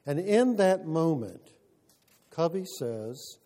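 A male preacher delivers a sermon in a voice pitched a little high but soft and mellow in tone. He speaks earnestly and at a measured pace, pausing as he tells a story. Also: very animated.

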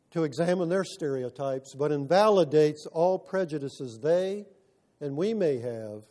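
A male preacher delivers a sermon in a voice pitched a little high but soft and mellow in tone. He speaks earnestly and at a measured pace, pausing as he tells a story.

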